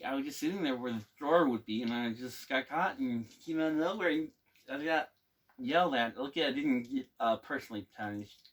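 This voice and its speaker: A man's voice: medium pitch, fairly bright tone, slightly rough. A young man casually telling a boot camp storytime, rambling and laughing often, with casual swearing. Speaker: navy veteran telling stories.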